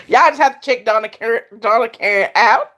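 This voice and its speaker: A woman's voice: on the high side, moderate pace, a bit bright. A woman hosting a casual live chat, talking straight to her viewers and laughing often. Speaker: live stream host.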